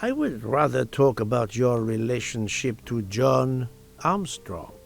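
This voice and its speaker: A polite fussy detective in a game, gravelly voice, swoopy intonation, quiet music behind. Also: male voice, medium pitch, sing-song. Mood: calm. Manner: measured, courteous, formal address. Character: precise, formal male detective interrogating suspects.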